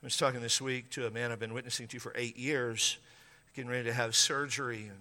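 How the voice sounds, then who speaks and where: A man preaching a sermon, telling a story and acting out the dialogue, his voice swinging from hushed to loud. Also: mid-range voice, level tone, fast talker, big-room sound. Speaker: pastor.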